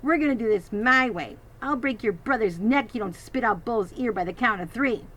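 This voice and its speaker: A woman's voice: a little high, expressive, moderate pace, fairly bright tone, voice pushed up. A woman voicing a vicious teenage boy bully in a storybook reading, sneering and snapping threats. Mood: threatening.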